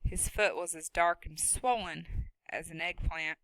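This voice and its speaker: A woman's voice: on the low side, a little slow, fairly bright tone, poor audio. A woman narrating a novel steadily and expressively, close to a studio mic. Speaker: audiobook narrator. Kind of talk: scripted narration.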